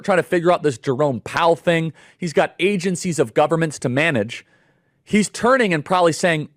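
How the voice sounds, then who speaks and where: A man in a played clip giving political commentary in a steady, formal way, listing points one after another. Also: fairly high pitch, no echo, studio quality.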